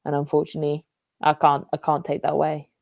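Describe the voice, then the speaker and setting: Here the young watch-along co-host curses and erupts at the football match while chatting live. She talks fast in a low, monotone, creaky voice with a darkish tone; the studio recording is clean and echo-free.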